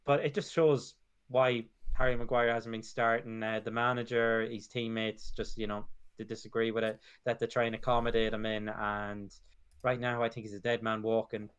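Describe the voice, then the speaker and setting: A man's voice: medium pitch, level tone, moderate pace, a bit bright, clean tone. A man giving opinions in a casual football chat, tagging his sentences with short repeats. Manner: opinionated, tag endings like "it was".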